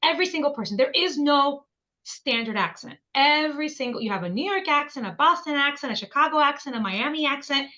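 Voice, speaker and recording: A woman's voice: sits high, expressive, brisk, bright, forceful tone, highs cut off. A woman language educator speaking as a guest in a podcast interview, emphatic and repeating her points for stress.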